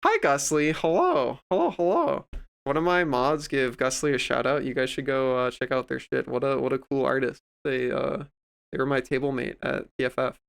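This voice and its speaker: A man's voice: mid-range voice, level tone, fairly quick, gravelly, clean tone. Rambling, profane male streamer. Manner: rambling, profane, acts out others in quoted voices. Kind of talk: casual chat ranting.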